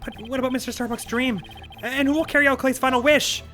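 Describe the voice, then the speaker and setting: A man's voice: very high-pitched, fairly even intonation, fast, pushed and bright, soft background music, voice pushed up. Man doing an earnest young defense attorney. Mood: determined.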